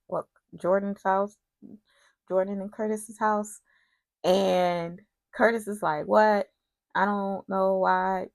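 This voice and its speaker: Woman vlogger, low register with fry, chatty and digressive. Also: no echo. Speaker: soap opera recap vlogger. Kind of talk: casual recap.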